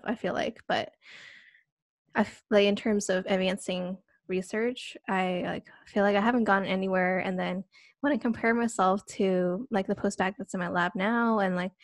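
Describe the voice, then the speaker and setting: A woman's voice: medium pitch, dry recording, clean studio sound. Hesitant young woman podcast host. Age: young adult. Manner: hesitant, lots of fillers and self-corrections. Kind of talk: casual podcast chat.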